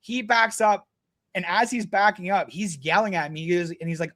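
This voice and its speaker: High-voiced man, blunt and profane. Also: moderate pace. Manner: blunt, heavy swearing, animated retelling. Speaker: podcast guest. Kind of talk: casual storytelling chat.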